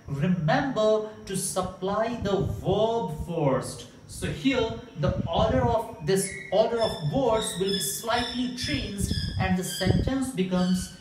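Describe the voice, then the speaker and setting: A man's voice: high-pitched, darkish tone, recorded from a distance. Indian man teaching English grammar. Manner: explains slowly, repeats example sentences with emphasis. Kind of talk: grammar lesson to camera. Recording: echoey room, mic set back, faint hiss.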